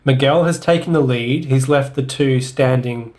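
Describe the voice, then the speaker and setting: A man's voice: mid-range voice, moderate pace, darkish tone. A man co-hosting a comedic podcast, summarizing and reading a book aloud in a dry, reluctant, matter-of-fact way. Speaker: podcast co-host.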